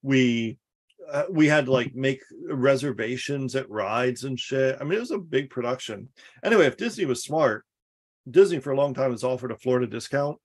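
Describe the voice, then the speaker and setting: A podcast co-host with a medium-pitched, animated voice talks politics at normal speed, keeping it casual and sarcastic while swearing freely.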